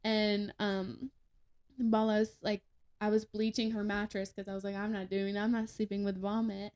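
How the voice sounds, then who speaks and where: A woman's voice: mid-range voice, little pitch movement, moderate pace, a little mellow, smooth. A young woman telling a story as a podcast guest in a casual, chatty way, with lots of fillers and laughter. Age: young adult.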